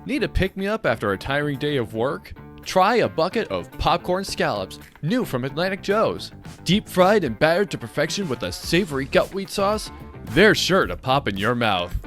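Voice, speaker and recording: A man voicing an upbeat announcer in a joke fast-food radio ad. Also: sing-song, a bit bright, soft background music. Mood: promotional. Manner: smooth promotional pitch. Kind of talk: comedic radio ad.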